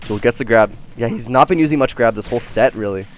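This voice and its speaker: A young man giving live game commentary, excitable, swearing and shouting when play gets tense. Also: medium pitch, quick pace, a little hiss or hum. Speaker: esports commentator.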